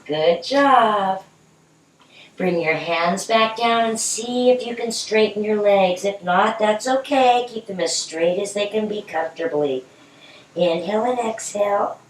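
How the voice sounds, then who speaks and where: A middle-aged woman guiding a children's yoga class in a gentle, encouraging, playful way. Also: mid-range voice. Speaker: yoga instructor. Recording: echoey room, from a distance.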